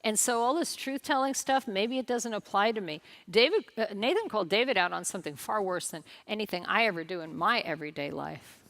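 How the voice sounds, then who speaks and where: A woman's voice: medium pitch, lively intonation, fairly quick, hardly any pauses, a bit bright. A woman pastor preaching a sermon at a church service, telling a story with emphatic repetition and speaking directly to the congregation with light humor.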